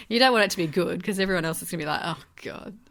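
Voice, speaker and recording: Low gravelly-voiced woman telling family anecdotes. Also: fairly bright tone. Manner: laughing, anecdotal, quick asides. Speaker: podcast co-host. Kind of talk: casual chat.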